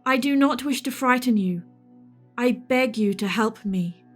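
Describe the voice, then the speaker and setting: A woman's voice: on the high side, measured pace, faint music behind. A woman voicing the ghost of a refined, formal woman in an old nightgown, speaking with an English accent and pleading for help.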